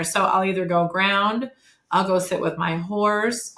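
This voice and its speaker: A woman's voice: mid-range voice, steady tone, measured pace, bright, forceful tone. A woman in her fifties, a guest on a podcast interview, speaking candidly and chattily with frequent fillers and self-corrections. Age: 50s. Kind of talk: casual conversational interview. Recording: echoey room.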